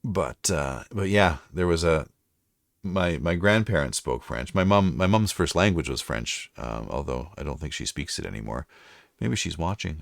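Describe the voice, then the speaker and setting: A man's voice: a bass voice, lively intonation, normal speed, creaky, no room sound, studio quality. A Canadian man chatting casually on a live stream, rambling and chatty, now and then slipping into French. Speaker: livestreamer and voice-over narrator.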